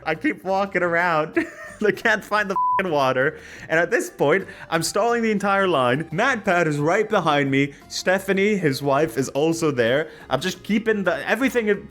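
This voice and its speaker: A man casually reviewing products and telling a story, animated and self-deprecating, laughing often and restarting sentences. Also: a little high, moderate pace, faint music behind. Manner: rambling, restarts a lot. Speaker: YouTuber.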